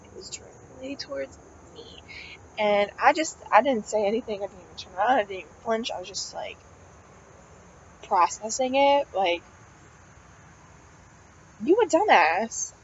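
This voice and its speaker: Speaking at normal speed in a slightly high voice, a college-age young woman rambles and vents casually, swearing frequently and packing her speech with "like" and other fillers such as "um." The sound is lo-fi with slight background noise.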